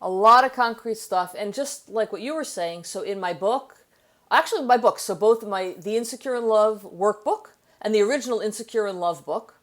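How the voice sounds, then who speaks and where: A woman's voice: medium pitch, normal speed. A woman author and therapist explaining ideas in an interview, telling stories from her practice with frequent restarts. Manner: explanatory, storytelling, with many restarts. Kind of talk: interview conversation.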